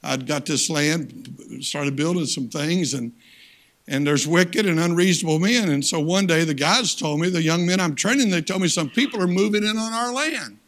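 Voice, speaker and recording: This sermon comes from an older missionary visiting as guest preacher, who weaves in personal stories with a down-to-earth, folksy delivery and moments of emphasis. He speaks at normal speed in a slightly high, fairly bright voice.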